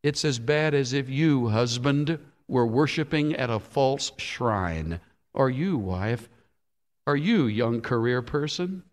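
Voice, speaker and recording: A male pastor preaching a sermon, emphatic, rising and dropping sharply in loudness and pitch. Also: expressive, takes it slowly, big-room sound.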